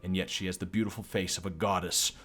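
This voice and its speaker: A lovestruck, self-doubting schoolgirl narrator, read aloud by a man in a lowish voice. Plain, unforced reading with a little music playing faintly behind. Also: steady tone, quick pace, fairly bright tone. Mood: wistful.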